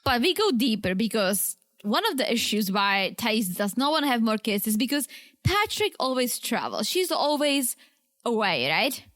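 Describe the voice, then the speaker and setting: A woman's voice: a little high, big pitch swings, moderate pace, a bit bright, no room sound, clean studio sound. A woman co-hosting a casual podcast, chatting about a reality show and telling stories by acting out both sides of phone calls. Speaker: podcast co-host.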